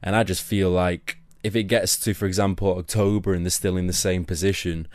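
A man's voice: low-pitched, little pitch movement, fairly quick, darkish tone, no echo. A man giving earnest football analysis on a podcast. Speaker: podcast co-host.

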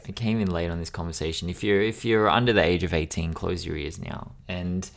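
A man with a low, gravelly voice co-hosting a podcast, spinning casual anecdotes. He laughs a lot and swears freely as he talks. His tone is relaxed and conversational throughout. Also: fairly quick. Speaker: podcast co-host.

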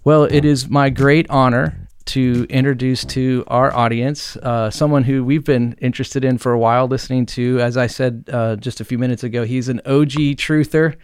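Smooth-voiced laughing male podcast host. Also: mid-range voice, moderate pace, few pauses. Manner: laughs easily, relaxed banter. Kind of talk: casual podcast chat.

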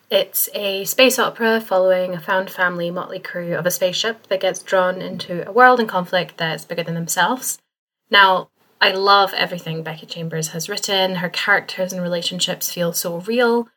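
A woman writer reading a prepared piece in a measured, earnest way. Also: fairly low pitch, fairly bright tone. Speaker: writer, guest contributor.

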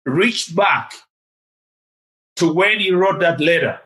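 An older man recounts a story from his past as an interview guest. His voice sits a little high for a man, and he speaks haltingly, with frequent fillers and restarts. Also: fairly bright tone. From Tanzania. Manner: hesitant, with many fillers and restarts. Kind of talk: storytelling in conversation.

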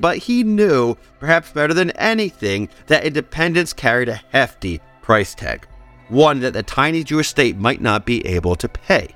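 A man's voice: medium pitch, a bit bright. Man narrating history with playful asides. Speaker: podcast host and narrator.

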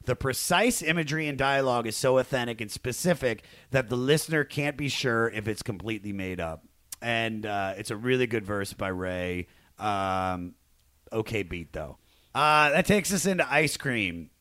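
A man in his thirties from Maryland hosting a casual podcast, talking in an animated way with big swings in his voice. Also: moderate pace, dry recording, studio quality. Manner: animated, jumpy delivery with big pitch swings. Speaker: podcast host.

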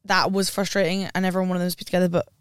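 A woman's voice: on the low side, flat delivery, rapid-fire, clean tone, no room sound, clean studio sound. A young woman, co-hosting a podcast in casual chat, gushing and often trailing off mid-sentence. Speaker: podcast co-host.

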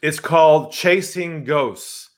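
Taking it slowly in a slightly high voice, a sales trainer responds to interview questions with vivid, animated stories, even acting out phone calls.

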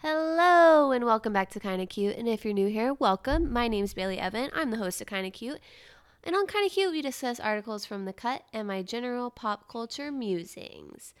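A woman's voice: fairly high pitch, animated, fairly quick, clean tone. Chatty valley-girl podcast host woman. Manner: uptalk, valley girl speech. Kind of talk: casual solo podcast chat.

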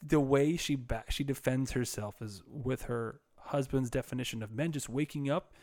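A man's voice: medium pitch, moderate pace, darkish tone, dry recording, clean studio sound. A man co-hosting a casual conversation, laid-back and joking, often chiming in with agreement.

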